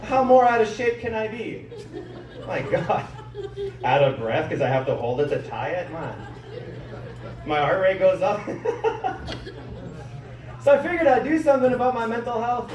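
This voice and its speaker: A man's voice: high voice, very animated, normal speed, pauses often, a crowd in the background. A man performing a stand-up comedy set, telling stories animatedly and acting out what his friends said. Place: comedy club stage. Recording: echoey room mic'd from a distance.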